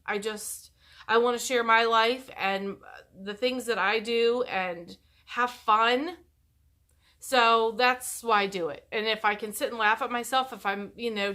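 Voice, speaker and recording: A woman's voice: fairly high pitch, bright, forceful tone. A middle-aged woman talking casually to camera, chatty and rambling, often stopping and restarting her sentences. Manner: chatty, rambling, self-interrupting. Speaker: YouTuber.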